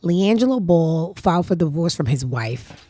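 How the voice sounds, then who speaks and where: A woman's voice: on the low side, big pitch swings, moderate pace, warm tone, dry recording, studio quality. A woman hosting her own show, giving casual gossip commentary in a blunt, sassy, profane way. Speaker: show host.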